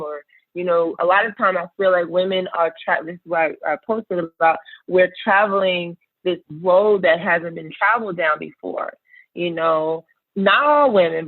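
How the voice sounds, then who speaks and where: A woman's voice: fairly low pitch, dry recording. A woman in her thirties, a podcast guest, telling personal stories in an earnest, reflective way, often searching for her words. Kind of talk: personal storytelling in conversation. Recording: tinny phone-like line, dry.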